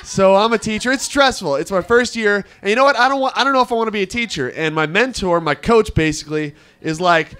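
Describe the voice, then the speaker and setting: A man in his twenties doing a stand-up set on an open-mic bar stage, brash, profane and animated as he tells stories. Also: sits high, quick pace, hardly any pauses. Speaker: stand-up comic, first-year teacher.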